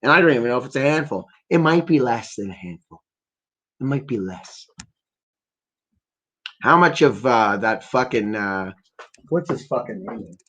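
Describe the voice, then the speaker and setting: A man hosting a livestream, ranting in an angry, profanity-heavy ramble that wanders between topics. His voice sits at a middling pitch, and the audio is slightly dull and lo-fi. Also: animated, moderate pace, long pauses, fairly bright tone. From Ontario, Canada. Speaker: livestream host.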